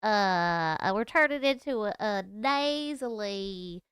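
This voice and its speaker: A woman's voice: medium pitch, animated, slow pace, fairly bright tone, clear, resonant tone, no room sound, studio quality, voice pushed down. A woman putting on a nasally Southern accent, as if she had a cold, while chatting on a live stream. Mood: playful. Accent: Southern US (put on). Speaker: livestream host. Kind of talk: casual live-stream chat.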